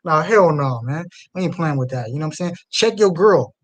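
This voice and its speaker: Fiery high-voiced male street preacher. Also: lively intonation, brisk. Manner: fiery, swings from low mutters to loud outbursts. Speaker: street preacher reacting to a video. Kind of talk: live reaction commentary.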